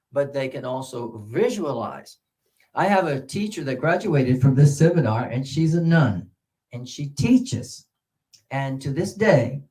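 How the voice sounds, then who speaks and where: A man leading a teaching seminar, animated and demonstrative, with sudden jumps in pitch. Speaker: teacher trainer. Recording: roomy echo.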